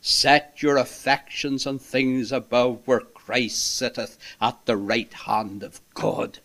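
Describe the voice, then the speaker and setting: Slow, bright-voiced preacher man. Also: mid-range voice. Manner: impassioned, swinging between loud emphasis and hushed asides. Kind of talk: sermon.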